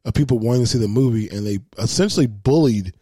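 Excitable, foul-mouthed man chatting. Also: mid-range voice, fast, no echo. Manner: excitable, profane, acts out quotes. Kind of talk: casual chat.

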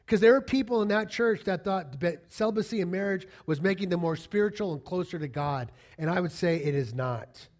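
A man's voice: high voice, animated, fairly quick, few pauses, a little mellow. A man preaching a conversational sermon to his congregation, acting out little quoted exchanges as he goes. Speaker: pastor.

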